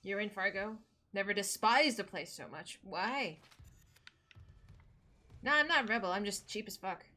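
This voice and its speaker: A woman's voice: mid-range voice, animated, normal speed, pauses often, sharp tone. A young woman streaming a scary game, talking with her chat in a nervous, chatty way and swearing now and then. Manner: chatty, jumpy, swears, reads chat aloud. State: nervous, scared.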